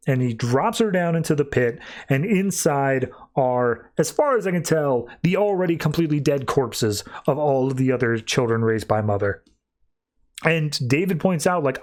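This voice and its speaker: A man's voice: medium pitch, normal speed. Man animatedly recapping a comic. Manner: animated storytelling. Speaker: podcast host. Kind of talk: casual comic book recap.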